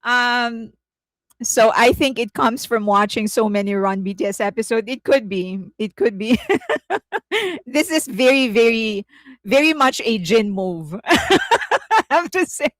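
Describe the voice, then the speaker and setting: Woman, content creator, casual commentary, keeps laughing, fairly high voice, dry room. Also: animated, unhurried, pauses often, a bit bright, no echo. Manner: chatty, repeats herself, many fillers.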